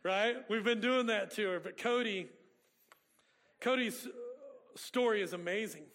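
A male pastor tells folksy stories during a sermon in a church sanctuary, where the long reverb of the hall fills the recording. His voice sits high, sounds a bit bright, and moves at an unhurried pace.

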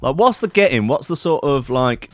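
A man's voice: mid-range voice, sing-song, moderate pace, no room sound, studio quality. A man hosting casual solo commentary, with a playful, sweary, rambling manner. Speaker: host.

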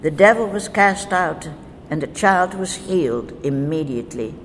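A woman teaching from the Bible, reading verses in a measured, deliberate way. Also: fairly low pitch, animated. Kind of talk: slow scripture teaching. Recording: faint noise with long reverb.

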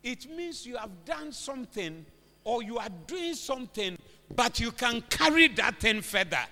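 Bright, lively Ghanaian male preacher. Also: very high voice, unhurried, creaky. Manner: switches languages, call-and-response, rising to shouted exhortation. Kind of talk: convention sermon. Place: large church hall. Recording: echoey hall with music behind.

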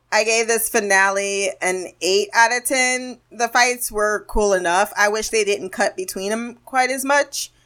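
A woman's voice: medium pitch, a bit bright. A woman hosting a podcast, giving a casual, sarcastic review of an episode, often laughing and acting out quotes. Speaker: podcast host.

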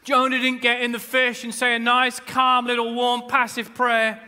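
Bright high-voiced preacher in a reverberant hall. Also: male voice, normal speed, clean tone. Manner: animated preaching, swings from quiet to shouting; humorous asides. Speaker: pastor. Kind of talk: sermon. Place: large church hall. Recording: long reverb of a church hall.

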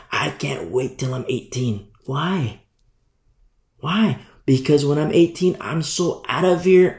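A man preaching a sermon as pastor, swinging from hushed near-whispers to loud emphatic lines. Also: medium pitch, reverberant. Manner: preaching with sudden drops to a hush and rises to loud emphasis.

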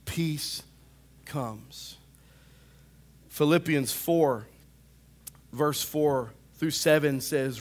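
With a fairly high pitch and a slow pace, this preacher gives an animated sermon. He rises to loud calls and sinks into hushed asides, frequently saying "come on" to the congregation.

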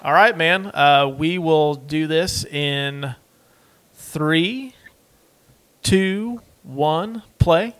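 A man's voice: on the high side, very slow, fairly bright tone, smooth. A man co-hosting a casual movie watch-along podcast, loose and rambling, with plenty of fillers. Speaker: podcast co-host.

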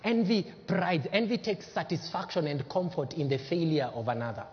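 A man preaching a sermon as pastor, emphatic, swinging between loud bursts and hushed lines. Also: fairly high pitch, sing-song, normal speed, breathy edge. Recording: dull lo-fi sermon recording with long hall reverb.

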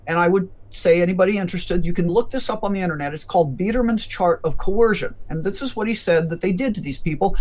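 A man's voice: sits high, a little mellow. A man who is a physician, speaking as a guest in a conversational interview in an emphatic, lecturing manner.

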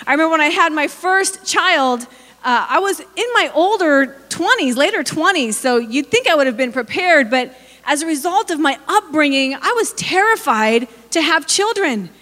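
A woman in her forties preaches in a high-pitched, bright, forceful voice, animated and at normal speed, with long hall reverb on the recording. She tells personal stories with humor and addresses the congregation directly.

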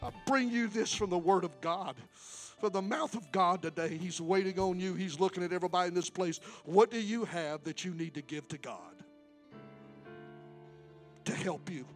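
A man preaching a Pentecostal sermon and altar call in a church. He repeats lines with rising fervor and moves between quiet stretches and loud exhortation. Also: sits high, moderate pace, faint music behind. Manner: fervent, repetitive exhortation, swings from quiet to loud. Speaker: guest preacher. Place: church sanctuary.

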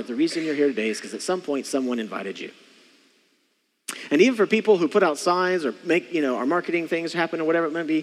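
A man's voice: fairly high pitch, big-room sound. A man preaching a sermon as pastor, emphatic and leading the congregation in call-and-response. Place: church sanctuary.

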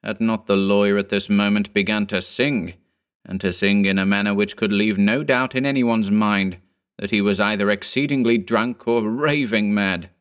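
A man reading a ghost story aloud in a measured, grave manner. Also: fairly low pitch, fairly even intonation, clean tone. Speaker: narrator. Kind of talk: scripted ghost story narration.

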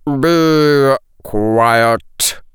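A man voicing a furious male teacher who speaks softly with a lethal hiss. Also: mid-range voice, very slow, clean tone, no echo, clean studio sound, pitched above the performer's own voice. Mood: cold menace. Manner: soft hissing menace.

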